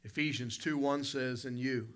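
At a moderate pace and with a steady tone, a medium-pitched male pastor delivers a sermon built around a vivid, folksy personal story. He names members of the congregation and alternates loud, emphatic lines with quiet asides.

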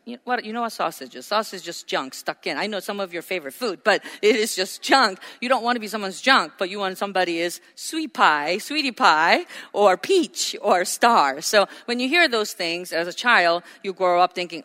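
A woman's voice: medium pitch, lively intonation, moderate pace, pushed and bright. A woman preaching a sermon in a conversational way, with many fillers, slipping into playful voices for quoted people. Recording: hall reverb.

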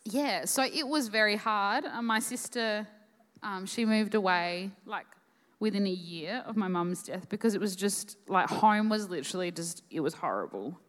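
A young Australian woman telling a personal story on a conference stage, emotional and halting, full of fillers. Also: mid-range voice, lively intonation. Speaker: conference guest speaker. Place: live conference hall. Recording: echoey hall.

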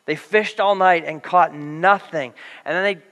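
A man with a high, ringing voice preaches a lively sermon, playing out the people in the story with humor. His bright, forward tone carries through a large hall with a long echo. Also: measured pace. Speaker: pastor. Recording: reverberant hall.

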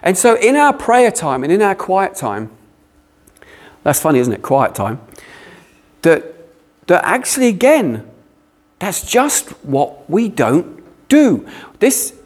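A man preaching a sermon, animated with playful asides. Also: fairly high pitch. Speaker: pastor.

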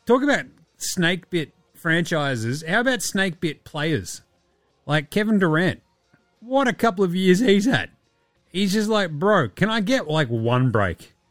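A man's voice: high-pitched, no echo. Australian man, podcast host, rambling, sarcastic, profane, dry recording. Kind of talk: casual basketball chat.

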